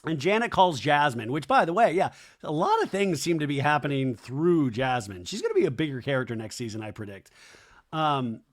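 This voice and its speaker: Male podcast host, comedic recap, gossipy storyteller, slightly high voice. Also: sing-song, fairly quick. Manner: chatty, gossipy, acts out the quoted lines.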